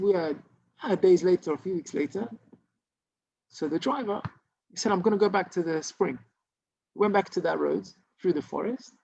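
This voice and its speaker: A man's voice: high voice, gravelly, a little mellow. A man, a rabbi, telling a story in an informal Torah class, with many restarts and Hebrew terms. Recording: dull lo-fi recording.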